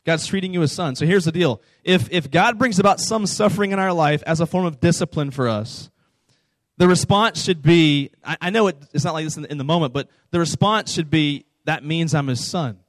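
A man preaching in a loose, chatty way to a youth camp crowd, pitched a little above the usual male range. His voice sounds dry and close, with no room echo behind it. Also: a little fast. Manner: conversational, informal, asks the audience questions. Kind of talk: sermon.

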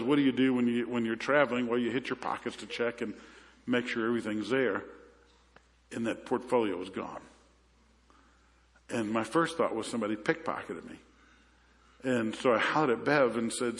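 Pastor preaching in a reverberant hall. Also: male voice, medium pitch. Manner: conversational storytelling with repeated restarts. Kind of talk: sermon.

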